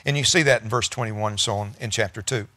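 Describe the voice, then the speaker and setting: A male pastor delivering a sermon at a quick clip, reading scripture and then retelling it in everyday words. He rises into emphatic bursts as the congregation answers back. The sound is close and dry, with little room. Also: fairly low pitch, bright, forceful tone, dry recording. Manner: preaching with bursts of emphasis and congregation call-and-response; reads scripture aloud then paraphrases it conversationally.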